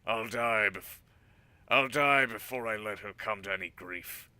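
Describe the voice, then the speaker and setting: Gruff loud pirate helmsman, guy putting it on, low and bright-edged. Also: unhurried, no echo.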